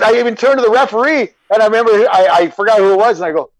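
A middle-aged man, a former hockey player, telling rambling, animated stories in casual chat. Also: sits high, rapid-fire, dry recording, rough recording. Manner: rambling, animated when acting out anecdotes.

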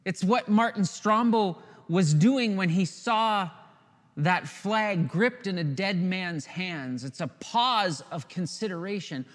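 A high-voiced man preaches in an unhurried, earnest way, pausing for weight and sinking to a hush on key words. His voice carries the long reverb of a church sanctuary. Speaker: pastor. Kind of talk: sermon.

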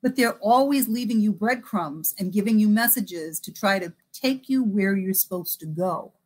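A middle-aged woman speaks as a psychic medium guest in a relaxed interview, her voice in an ordinary middle register. She talks conversationally and with animation, slipping into the voices of people from her stories as she acts out exchanges. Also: mid-range voice, normal speed, husky. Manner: animated, acts out both sides of remembered conversations. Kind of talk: casual interview storytelling.

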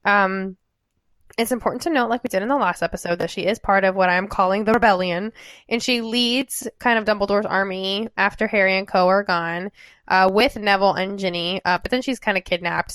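A woman's voice: medium pitch, a bit bright, no echo. A young woman co-hosts a podcast in easy, chatty conversation, leaning on "like" as she goes. Her voice sits in an ordinary middle range. The recording is dry and close. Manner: chatty, uses "like" often. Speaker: podcast co-host. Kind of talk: casual podcast chat.

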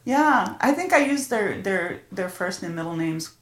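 A woman's voice: mid-range voice, very animated, normal speed, echoey room. A middle-aged woman hosting a podcast in casual chat, laughing often and swearing freely. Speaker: podcast host.

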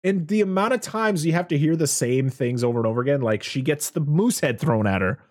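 A man's voice: a little high, a little fast, dry recording, studio quality. A man hosting a casual podcast, recapping a movie plot with sarcastic, swearing asides. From US, lives where beavers are common. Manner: animated, sarcastic, swears, laughs often. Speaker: podcast host reviewing a movie.

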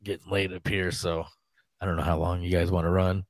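A man on a podcast, chatting in a relaxed, offhand way. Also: low voice, a little fast, dry recording. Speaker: podcast guest. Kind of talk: casual chat.

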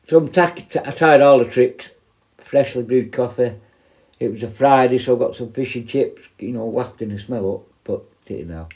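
A man tells a long story in a loose, rambling way, stopping to correct himself and act out what people said. His voice sits in a middle pitch and has a dark, mellow tone. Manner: rambling, self-correcting, acts out quoted voices. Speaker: prison negotiator telling a story. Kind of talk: casual storytelling.

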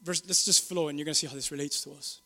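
A middle-aged man, a pastor preaching a sermon, moving from low musing to loud, emphatic preaching. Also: fairly even intonation, very fast.

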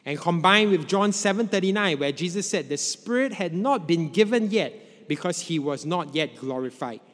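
A man preaching a sermon in a measured way, letting his voice drop low at the ends of phrases. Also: animated, a bit bright. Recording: long hall reverb.

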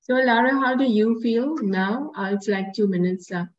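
A woman guest healer guiding a session, calm and gently instructive, with a few fillers. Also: a little high, normal speed, lo-fi sound. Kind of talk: guided healing session.

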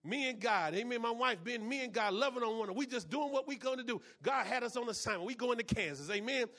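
A man preaching a sermon as pastor, repeating phrases and punctuating them with amens, swinging between hushed passages and loud ones. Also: extremely high pitch, fast talker.

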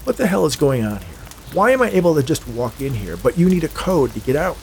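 A man voicing a desperate escaped male convict, pleading and angry, rising to shouts. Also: medium pitch, big pitch swings, fairly quick, creaky, a little hiss or hum, pitched above the performer's own voice.

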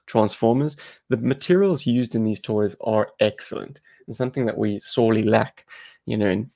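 A man's voice: fairly low pitch, gravelly, darkish tone. A South African man co-hosting a podcast, chatting casually and explaining things at length. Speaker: podcast co-host.

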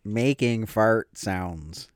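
A man's voice: on the low side, extremely slow, clean tone, no echo, studio quality. A man co-hosting a podcast, telling rambling joking stories in casual chat. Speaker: podcast co-host.

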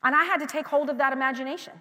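A woman pastor with a high, bright-pitched voice preaches in a loose, candid, conversational way, telling personal stories and often restarting her sentences. She drops to near-whispered confiding and then swells into loud, emphatic declarations. Her voice carries a long, echoing reverb, as in a large church hall. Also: fairly even intonation, very fast. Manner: swings between quiet confiding and loud emphatic passages. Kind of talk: conversational sermon.

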